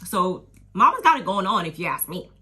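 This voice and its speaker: A chatty woman recapping a reality TV episode from her own channel, her voice bright and forceful. She talks in loose slang, laughs often, and acts out her own reactions. Her pitch sits a little low for a woman. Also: sing-song, brisk. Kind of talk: casual recap and review.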